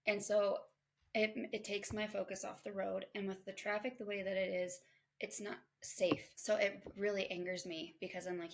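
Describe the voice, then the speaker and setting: Candid woman with a gravelly edge. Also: medium pitch, flat delivery, moderate pace. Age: adult mother. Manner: candid, conversational, self-reflective. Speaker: podcast host. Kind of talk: casual self-help monologue.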